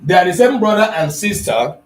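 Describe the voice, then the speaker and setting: A man's voice: sits high, sing-song. A man teaching an Igbo grammar lesson to an online class, addressing students by name and moving between English, Igbo and Pidgin. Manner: slow and deliberate, with pauses and repetitions.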